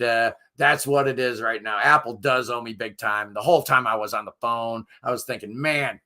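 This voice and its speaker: Middle-aged male music channel host, hoarse and fading, gravelly edge, bright tone, rambling and enthusiastic. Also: mid-range voice. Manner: rambling, enthusiastic, self-deprecating. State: hoarse, losing his voice. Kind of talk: casual live chat with viewers.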